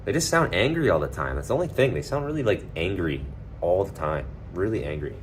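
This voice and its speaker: Deep-voiced man rambling on a livestream. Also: sing-song, a little fast, slight background noise. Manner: rambling, loose and profane, full of filler words. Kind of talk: casual livestream chat.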